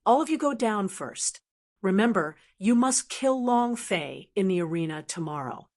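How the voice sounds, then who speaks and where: A woman's voice: medium pitch, lively intonation, moderate pace, a little mellow, close to an everyday voice. A woman reading the part of a furious, ruthless middle-aged male clan elder who barks scornful orders in a storybook audiobook. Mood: cold menace.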